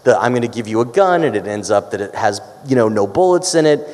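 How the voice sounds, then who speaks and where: A man's voice: mid-range voice, animated, quick pace, a little mellow. Enthusiastic male panel moderator. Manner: enthusiastic, stumbles on repeated words. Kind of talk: panel interview. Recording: hall reverb.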